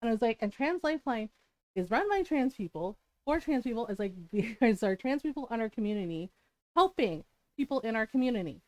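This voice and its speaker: A woman's voice: on the high side, lively intonation, brisk, a little mellow, dry recording. A young adult woman streamer telling a story in a casual, blunt way, swearing freely and laughing between lines.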